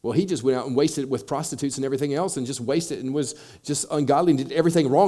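A man's voice: mid-range voice, fast talker, hardly any pauses, mellow. A man preaching a sermon, acting out quoted voices and building in intensity as he makes his points. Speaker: pastor.

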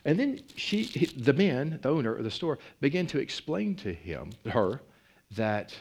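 A man preaching a sermon, telling a story with big swings in pitch and loudness. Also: big pitch swings, measured pace.

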